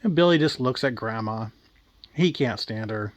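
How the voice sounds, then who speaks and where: A man narrates a crude, darkly comic story in an offhand, casual way. His voice sits at an ordinary mid pitch. The recording is close and dry. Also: animated, moderate pace, no room sound.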